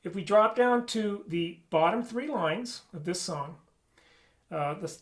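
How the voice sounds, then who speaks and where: A man's voice: high-pitched, lively intonation, slow. A man teaching an online flute lesson, explaining articulation and singing rhythms on syllables.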